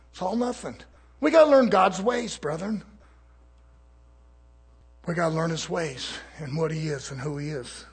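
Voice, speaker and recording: A man preaching a sermon in a fervent, folksy manner, moving between hushed asides and shouted exhortation. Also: sits high, husky. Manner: folksy, plain-spoken.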